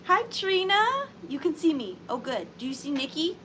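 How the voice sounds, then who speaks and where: Chatty high-voiced woman live-stream host. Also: expressive, fairly quick, slight background noise. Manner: chatty, greets viewers by name, playful. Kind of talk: casual live-stream chat.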